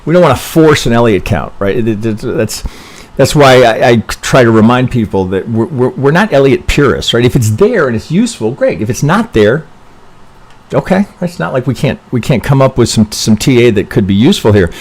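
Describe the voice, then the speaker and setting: A man's voice: mid-range voice, very animated, moderate pace. Rambling man talking through charts. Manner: rambling, self-interrupting, frequent "right?" tags and mild swearing. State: congested with allergies. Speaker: trading educator reviewing charts. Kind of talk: casual live-stream chart review.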